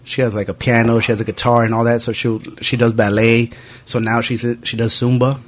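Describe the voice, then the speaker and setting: A young male podcast host chatting casually, spinning animated stories laced with swearing. His voice rests at a middle pitch, and he talks loosely and off the cuff. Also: fairly quick. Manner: animated anecdotes, frequent profanity. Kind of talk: casual storytelling chat.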